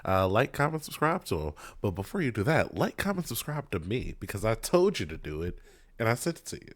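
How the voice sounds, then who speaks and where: Reaction host, man, thirties, lowish voice, loose rambling delivery, dry close mic. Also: sing-song, a little fast, no echo. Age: 30s. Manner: rambling, jokey, with many fillers. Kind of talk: casual reaction commentary.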